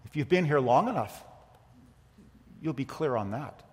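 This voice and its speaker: A man preaching a sermon as pastor, emphatic, with rhetorical questions and swings from loud to quiet. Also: medium pitch, expressive, normal speed, slightly rough. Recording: long hall reverb.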